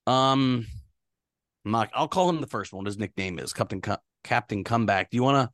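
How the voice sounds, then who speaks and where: Male podcast co-host, animated pitch, dry close mic, casual stats talk. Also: moderate pace, no room sound. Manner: conversational, stats-heavy, many fillers. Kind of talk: casual sports podcast chat.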